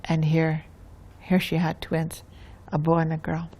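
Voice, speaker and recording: A woman with a Lakota accent telling a traditional tale in an unhurried way, often restarting phrases. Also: sits low, little pitch movement, warm tone, breathy edge. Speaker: storyteller. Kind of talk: oral storytelling.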